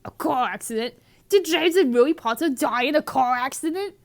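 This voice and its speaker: A woman doing a high startled boy wizard. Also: lively intonation, fairly quick.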